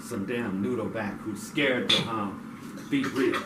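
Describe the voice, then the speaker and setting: A man giving a blunt, profane community talk that swings into loud, angry outbursts. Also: on the low side, slow pace. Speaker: community speaker. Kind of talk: impassioned street talk. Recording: echoey, distant mic with noise.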